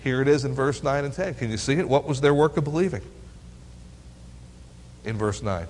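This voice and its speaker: A man's voice: mid-range voice, normal speed, slight background noise. A man teaching a Bible lesson to teens, reading verses aloud and quizzing his listeners with playful questions. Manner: asks the audience questions, teasing and lively. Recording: long hall reverb.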